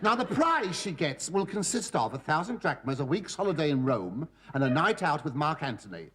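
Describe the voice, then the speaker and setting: A cheeky Roman slave narrator. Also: male voice, on the high side, sing-song, a little fast, fairly bright tone, husky, heavily acted. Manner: camp, innuendo-laden asides to the audience. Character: cheeky middle-aged male slave narrator, knowing asides. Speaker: narrator of the prologue. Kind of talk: sitcom stand-up address. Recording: live studio audience laughter.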